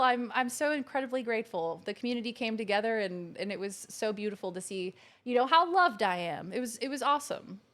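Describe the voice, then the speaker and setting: Bubbly woman streamer, slightly high voice. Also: fairly bright tone. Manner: bubbly, gushing thanks to viewers. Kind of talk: casual live-stream chat. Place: living room couch at home.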